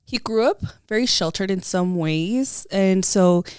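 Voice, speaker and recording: A young woman co-hosting a podcast, telling a story in a chatty casual way, full of "like" and quick laughs. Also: mid-range voice, a little mellow, clean tone, no room sound, studio quality. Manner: chatty, lots of likes, laughs as she tells a story. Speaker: podcast co-host.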